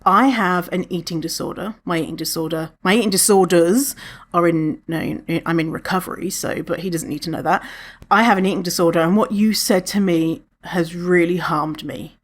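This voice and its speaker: A woman's voice: on the low side, normal speed. A woman hosting a podcast, telling a story in a chatty, candid way and swearing freely. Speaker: podcast host. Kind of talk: casual storytelling monologue.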